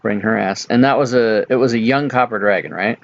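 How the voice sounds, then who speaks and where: A man running a tabletop game as dungeon master, talking casually with pauses and fillers. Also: mid-range voice, gravelly, lo-fi sound.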